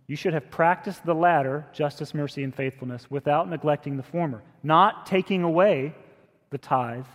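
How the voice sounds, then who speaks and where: A man with a slightly high voice delivers a sermon in a plain, conversational manner. His words ring out through the long reverb of a big hall. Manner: conversational preaching, rises in pitch and force when emphatic. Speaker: pastor.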